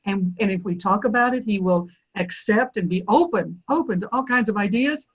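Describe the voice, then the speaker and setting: A woman's voice: mid-range voice, normal speed, slightly rough, dull audio. A woman guest in a casual interview, answering reflectively and thinking aloud.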